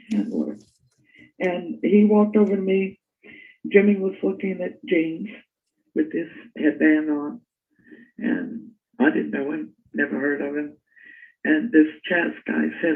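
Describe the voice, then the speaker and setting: An older woman telling stories in a casual interview, animated and laughing as she recalls. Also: lowish voice, a little slow, gravelly. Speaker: interview guest. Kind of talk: casual storytelling. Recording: tinny phone-like line.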